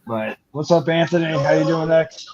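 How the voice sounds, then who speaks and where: A man hosting a podcast, opening the show with casual talk in a relaxed, low-key way. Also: moderate pace, highs cut off. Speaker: podcast host.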